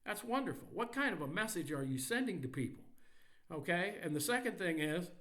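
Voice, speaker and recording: A man's voice: high voice, lively intonation, a little fast, fairly bright tone. A man hosting a podcast, ranting angrily and mockingly about sports with heavy profanity. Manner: angry, mocking, heavily profane. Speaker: podcast host.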